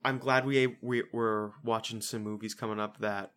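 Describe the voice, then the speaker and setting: A man's voice: lowish voice, fairly even intonation, normal speed, fairly bright tone, clean tone. Laughing, joking male podcast co-host. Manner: joking, laughs a lot, loose and profane. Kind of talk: casual late-night podcast chat.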